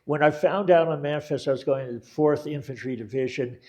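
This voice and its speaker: An older man telling his war story in a relaxed oral-history talk, wandering and correcting himself as he goes, with many fillers and dry quoted lines. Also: a little high, fast talker. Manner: rambling, backtracks and self-corrects, many fillers.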